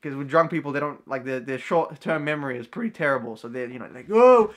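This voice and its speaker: A man's voice: mid-range voice, steady tone, quick pace, fairly bright tone. A young man, a vlogger and card magician, telling a story casually to camera with lots of slang and fillers. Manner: slangy, full of fillers and "bro".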